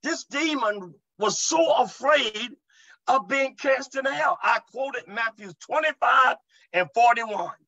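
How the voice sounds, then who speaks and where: Emphatic preacher man, high bright voice. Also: expressive, slow pace, dull audio. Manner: emphatic, repeats "amen" and asks the audience to respond. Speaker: preacher, deliverance minister. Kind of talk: sermon teaching to an online audience.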